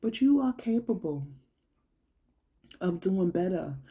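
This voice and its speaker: A young adult woman talks slowly and from the heart in a personal monologue. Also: lowish voice, dark tone, breathy edge. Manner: slow, heartfelt, colloquial and conversational. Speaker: vlogger.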